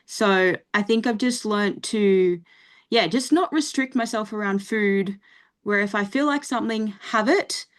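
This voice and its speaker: A young woman talking as a podcast guest, relaxed and plain-spoken, laughing often and saying "like" a lot. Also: medium pitch, a little slow. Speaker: coaching client guest. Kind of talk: casual interview chat.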